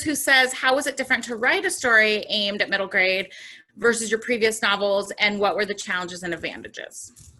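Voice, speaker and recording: Bright-voiced upbeat woman host. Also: a little high. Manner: upbeat, chatty. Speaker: bookstore event host. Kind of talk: moderating a Q&A. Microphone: home computer mic on video call.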